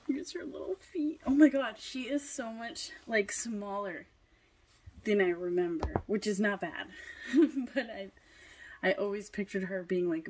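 A young adult woman chatting casually as she unboxes a doll, gushing with excitement, now and then dropping to a whisper and a little out of breath. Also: mid-range voice, a little hiss or hum. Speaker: doll collector vlogger.

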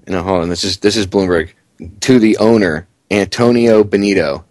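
Excitable talk radio host, low voice. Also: male voice, moderate pace, no echo. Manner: excitable, chuckling, indignant.

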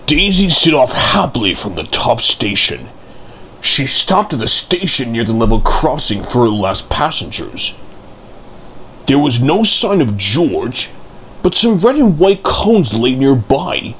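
A man reading a children's storybook aloud in an expressive storytelling manner. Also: mid-range voice, unhurried, slight background noise.

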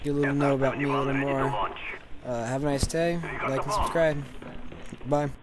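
A man telling a story in a casual, excited, rambling way over gameplay, restarting his sentences often. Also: mid-range voice, moderate pace, very noisy. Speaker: gaming channel commentator.

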